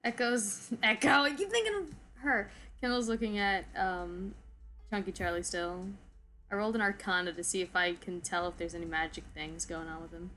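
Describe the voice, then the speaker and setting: A woman's voice: lowish voice, moderate pace, pushed and bright, slight background noise. A woman playing in a tabletop game, talking casually and hesitantly. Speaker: player.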